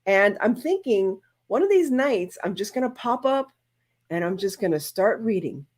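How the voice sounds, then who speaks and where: A woman hosting a live-stream from her craft channel, talking casually and at length. She rambles warmly from one plan to the next, with heartfelt moments. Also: mid-range voice, big pitch swings, normal speed. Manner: chatty, rambling, emotional.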